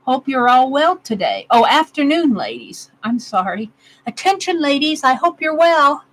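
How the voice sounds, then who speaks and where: A woman's voice: high-pitched, sing-song, normal speed, slight background noise, low-quality recording. A woman in her sixties hosting a casual craft livestream from her home craft room, chatting with viewers and giggling often. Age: 60s. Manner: chatty, giggly, reads out comments. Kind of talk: casual chat with live viewers.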